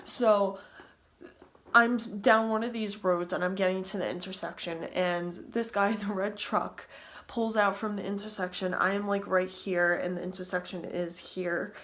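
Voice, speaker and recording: A woman recounting a personal story straight to her viewers, storytime-vlog style. She talks at an everyday middle pitch, rambling and breathless, piling up repeats and restarting her sentences as she goes. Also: steady tone, moderate pace, a bit bright. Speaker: vlogger.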